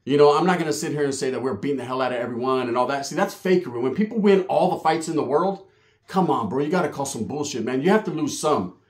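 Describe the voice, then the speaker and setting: A man telling a profane, animated street story on his channel, slipping into voices for the people he quotes. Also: medium pitch, quick pace. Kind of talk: casual storytelling vlog. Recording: roomy echo.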